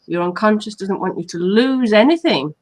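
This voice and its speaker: A woman's voice: medium pitch, animated, fairly quick, low-quality recording. A woman hypnotherapist from England hosting a live online talk, explaining points and listing them earnestly. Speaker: hypnotherapist host.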